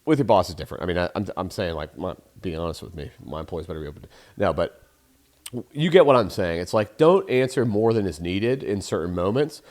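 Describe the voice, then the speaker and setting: With a low, slightly mellow, sing-song voice and a brisk pace, this young adult host and sales trainer offers rambling, profane sales advice, playing out phone calls in assorted voices on his show.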